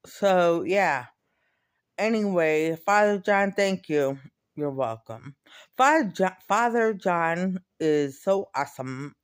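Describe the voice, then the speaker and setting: A man talking in a personal video diary, rambling and confiding with lots of fillers and repeats, shifting between quiet and bubbly. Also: fairly high pitch, clear, resonant tone. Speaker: vlogger.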